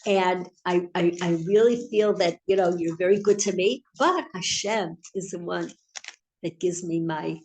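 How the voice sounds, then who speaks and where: A woman voicing a poor, humble man in a story, speaking softly and earnestly. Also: lowish voice, measured pace, a little hiss or hum, pitched below the performer's own voice. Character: poor humble Jewish worker, grateful and earnest.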